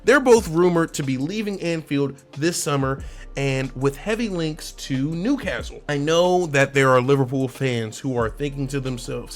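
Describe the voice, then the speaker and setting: A man hosting a casual football transfer talk, animated and slangy, laughing often and asking the fans questions directly. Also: mid-range voice, normal speed. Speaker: sports channel host.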